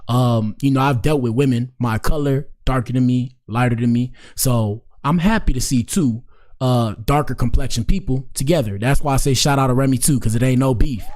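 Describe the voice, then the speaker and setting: A man's voice: medium pitch, moderate pace, a little mellow. An American man hosting his show, riffing in casual, slangy, rambling commentary with chuckling asides. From United States. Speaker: show host.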